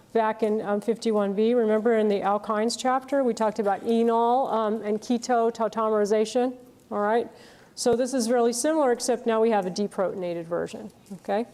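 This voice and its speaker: A woman with a fairly high, warm voice gives a university chemistry lecture. She explains things step by step, often checking in with "okay?" and "right?"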